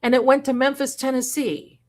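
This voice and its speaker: A woman's voice: high voice, brisk. Gushing woman livestream host. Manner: effusive, gushing over viewers with sudden excited exclamations. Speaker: livestream host and card reader. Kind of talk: casual livestream chat, reading viewer comments aloud.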